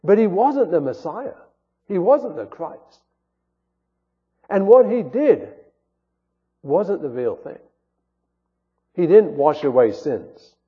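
A man's voice: sits high, big pitch swings, slow pace, pauses often, slightly rough. A man, a pastor, delivering an earnest sermon with rising and falling emphasis, heard through a tinny, phone-like recording. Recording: phone-like sound with long hall reverb.

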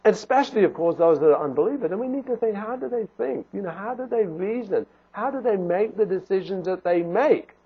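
A man's voice: high voice, lively intonation, a little fast, few pauses, breathy edge. A man preaching a sermon in an earnest, pleading way, asking rhetorical questions and restarting phrases. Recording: phone-like narrow band.

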